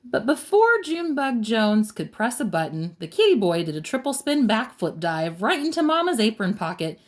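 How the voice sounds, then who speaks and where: A woman reading a picture book aloud as a storyteller, expressive and rhythmic. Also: on the high side, normal speed.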